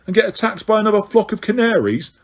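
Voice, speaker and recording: A man with a husky voice voicing a sulky, blunt teenage wizard boy who grumbles, in an audiobook reading. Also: high-pitched, very animated, quick pace, pitched above the performer's own voice. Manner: mocking, grumbling.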